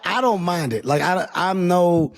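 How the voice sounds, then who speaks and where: A man chatting as a guest on a podcast who keeps mimicking loud hecklers. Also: high-pitched, animated, moderate pace, creaky, dry recording. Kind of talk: casual podcast chat.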